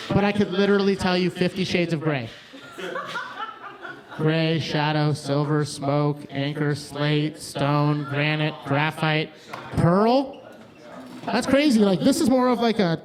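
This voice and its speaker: A man performing a live stand-up set in a bar, rambling and crude, often cutting himself off mid-sentence. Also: high-pitched. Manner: rambling, crude, self-interrupting. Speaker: stand-up comedian. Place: bar stage before a crowd. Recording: live bar with crowd noise. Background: audience laughter.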